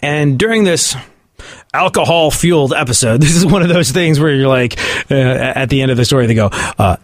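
A man's voice: mid-range voice, moderate pace, no room sound. A man giving sarcastic comedic commentary on the news and often laughing at his own points.

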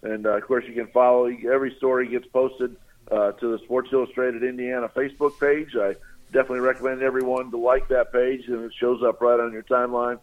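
A man's voice: medium pitch, level tone, fairly quick. A man calling in as a guest sportswriter, giving casual analysis in a rambling way with many fillers and restarts. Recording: tinny phone line.

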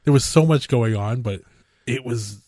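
A man casually chatting about a film he loved, lively, swearing often and laughing. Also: medium pitch, moderate pace, no echo, studio quality. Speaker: podcast co-host. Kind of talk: casual film review chat.

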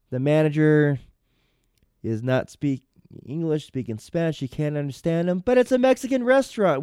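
Mellow-voiced man rambling through news. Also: fairly high pitch, smooth, dry recording, clean studio sound. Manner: rambling, hesitant, reads news then comments. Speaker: podcast host. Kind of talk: casual news commentary.

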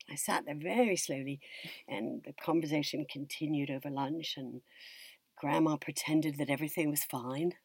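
A woman from the United States tells a personal story in an interview, reflective and unhurried, often trailing off and restarting. Her voice sits low and sounds husky. The recording is dry and close. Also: a little mellow, no echo. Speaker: actress and drama teacher being interviewed.

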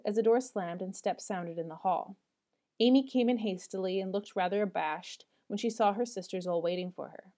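A woman reads a classic novel aloud, measured and expressive. Her voice is mellow and soft-toned, sitting at a middle pitch. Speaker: audiobook narrator. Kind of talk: audiobook reading.

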